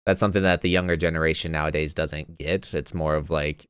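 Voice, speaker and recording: A man's voice: a bass voice, fairly even intonation, fast talker, a bit bright, clear, resonant tone, no room sound, clean studio sound. A man co-hosting a podcast, giving his opinion in a thoughtful, hedging way with frequent restarts. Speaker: podcast co-host. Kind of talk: casual chat.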